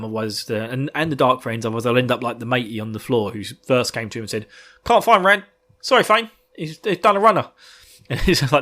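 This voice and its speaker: A podcast host with a bright, forceful voice, chatting excitably and laughing often. He swears casually as he talks. He sounds carefree and enthusiastic. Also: medium pitch. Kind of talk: casual book-discussion chat.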